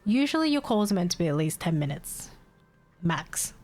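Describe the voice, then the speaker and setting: A woman's voice: fairly low pitch, big pitch swings, normal speed, a little mellow. A woman streamer telling a story to her chat in a casual way, exasperated, swearing freely and laughing often.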